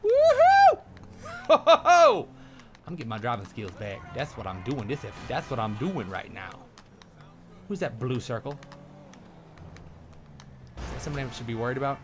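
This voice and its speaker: A man's voice: medium pitch, expressive, brisk, long pauses. A young man commentating over gameplay in a goofy, joking way, with mild swearing. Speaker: gaming video host. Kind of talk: let's play commentary. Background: game music and sounds.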